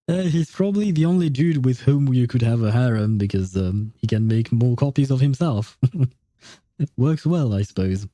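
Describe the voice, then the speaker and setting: A man's voice: mid-range voice, expressive, measured pace, pauses often, mellow, dry recording. A man giving casual, rambling commentary while playing a video game, laughing often. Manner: laughing, rambling, self-deprecating. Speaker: gaming streamer.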